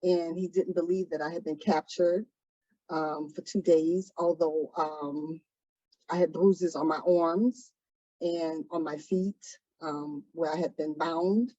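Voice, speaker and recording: A woman telling her own story in an interview, soft-spoken and hesitant, pausing often. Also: low-pitched, steady tone, no echo, muffled recording. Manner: soft-spoken, hesitant, many pauses and ums. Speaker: trafficking survivor guest. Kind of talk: interview testimony.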